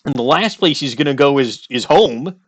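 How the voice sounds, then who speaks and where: Commentating casually on a courtroom game, a Midwestern American let's play host jokes and rambles, breaking off his own sentences. His mid-range voice is expressive, a bit bright and husky, at normal speed, with no room sound.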